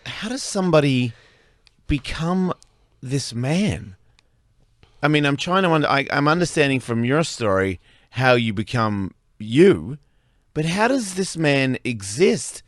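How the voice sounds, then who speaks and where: A man's voice: medium pitch, sing-song, unhurried, no room sound, studio quality. Blunt, probing male podcast host. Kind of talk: interview questions.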